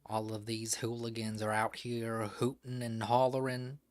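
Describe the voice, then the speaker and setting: Picture a fed-up Southern grumbler with a slow, syrupy drawl, as a man puts on the voice. He sounds folksy and exaggerated, plainly stretching every vowel. The sound is close and dry, with no room echo. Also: mid-range voice, flat delivery, lightly acted. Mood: exasperated. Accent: put-on American Southern.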